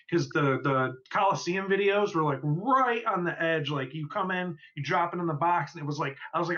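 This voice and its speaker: Bright-voiced joking podcast man. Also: a little high, brisk, few pauses. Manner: nostalgic, jokey storyteller. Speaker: podcast co-host. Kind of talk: casual chat. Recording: dull lo-fi podcast audio.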